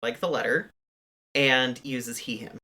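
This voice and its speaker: A returning guest player chatting casually during a tabletop game, excitable and loud, often laughing. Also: mid-range voice, measured pace. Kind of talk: casual tabletop play chat.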